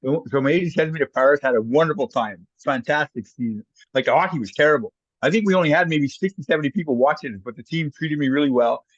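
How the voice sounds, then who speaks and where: Here the Canadian ex-hockey player speaks at a fairly high pitch, quickly and huskily, as a guest telling lively, casual stories. He imitates the voices of people he quotes, and the audio is dull with no echo.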